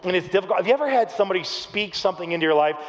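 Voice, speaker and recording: A middle-aged man preaching a sermon, telling a story with lively, acted-out quotes. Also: sits high, very fast. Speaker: pastor. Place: large church hall. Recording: long reverb of a large hall.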